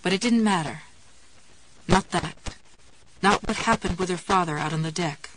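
A woman narrating a novel aloud in a measured, calm storytelling manner. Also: fairly low pitch, slight background noise, low-quality recording. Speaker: audiobook narrator.

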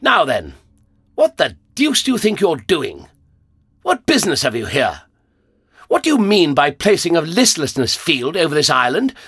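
A man's voice: a little high, huge pitch swings, normal speed, fairly bright tone, slightly rough, no echo, studio quality, pitched above the performer's own voice, exaggerated voice. A man playing the Doctor, a pompous patrician. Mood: imperious. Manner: pompous, theatrical, commanding. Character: imperious, patrician male time traveller. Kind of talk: audiobook narration.

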